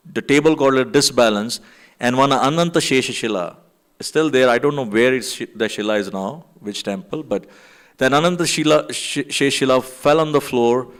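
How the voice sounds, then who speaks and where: A man in a temple hall tells a gathering about an old memory at a middle pitch. He rambles through it with plenty of fillers and acts out the lines of the people in his story. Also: clean tone. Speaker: devotee sharing memories. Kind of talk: anecdote to a gathering.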